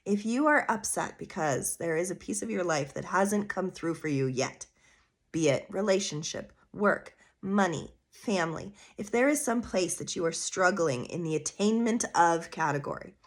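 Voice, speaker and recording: A woman's voice: mid-range voice, expressive, normal speed. A woman hosting her own astrology podcast, talking in an earnest, coaching way with casual asides and rhetorical questions. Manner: casual with fillers like "vibe" and "you know". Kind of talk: solo podcast monologue.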